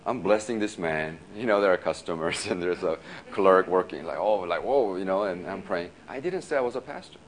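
A man's voice: low voice, animated, a little fast. Laughing male pastor telling a story. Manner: casual, laughing often, many restarts and "you know". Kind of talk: sermon storytelling.

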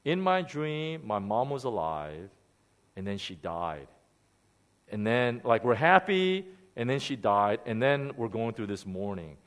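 Male pastor, middle-aged, candid sermon storytelling with a lively melody. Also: medium pitch, unhurried. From Korea.

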